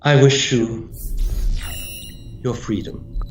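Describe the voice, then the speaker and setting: Slow, deliberate man with a muffled sound. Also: mid-range voice, darkish tone, faint music behind. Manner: slow, deliberate lecturing with pauses. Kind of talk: speaking to a camera about freedom. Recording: muffled lo-fi recording.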